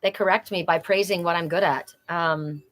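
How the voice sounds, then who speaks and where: A woman's voice: on the low side, steady tone, moderate pace, a bit bright. A middle-aged woman doing a live oracle card reading, talking earnestly and repeating phrases for emphasis.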